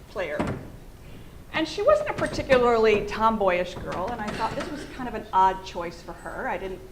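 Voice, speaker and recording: A middle-aged American woman gives a talk on fundraising, often turning to her listeners with questions. Her voice sits at an ordinary middle pitch, and a clear hiss of background noise runs under the recording. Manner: engaging, addresses the audience with questions. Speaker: fundraising communications consultant. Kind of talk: conference presentation. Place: presentation room.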